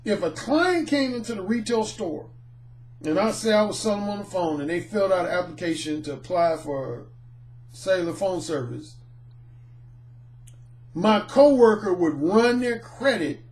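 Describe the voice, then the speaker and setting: Man with a high voice, middle-aged, dating coach, lively storytelling monologue. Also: normal speed. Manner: animated, acts out the people in his anecdotes.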